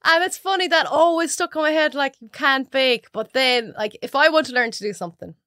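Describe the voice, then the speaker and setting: Animated Irish woman telling stories. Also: high-pitched, brisk, no echo, studio quality. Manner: animated storyteller, acts out others' voices. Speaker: podcast guest, cook. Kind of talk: casual chat.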